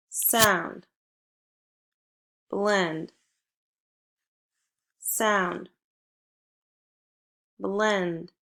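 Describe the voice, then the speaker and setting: A woman teaching a phonics lesson to first graders, giving slow, clear prompts with pauses between them. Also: mid-range voice, pushed and bright.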